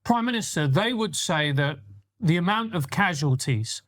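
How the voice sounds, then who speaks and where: A man interviewing a head of government, posing a long question in a polite, deliberate way. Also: a little high, lively intonation, fairly bright tone. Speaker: podcast interviewer. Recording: interview clip played in a reaction stream.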